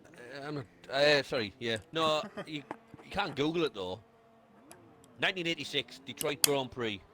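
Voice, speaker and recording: A man's voice: a little high, moderate pace, sharp tone, slight background noise. A man co-commentating a sim race stream, bantering and quizzing viewers on racing trivia. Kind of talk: casual live-stream commentary.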